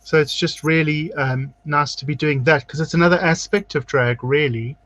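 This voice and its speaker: A fairly high-pitched man with a steady tone and normal speed hosts a casual drag chat show while applying makeup on a video call, telling long stories and acting out quotes. The audio is poor, with a crowd audible in the background. He's the drag queen host.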